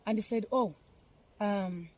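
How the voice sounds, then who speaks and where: A woman's voice: mid-range voice, slow pace, a little hiss or hum. A middle-aged woman with a Kenyan accent gives a heartfelt, emotional appeal, repeating phrases for emphasis. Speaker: philanthropist speaking on camera.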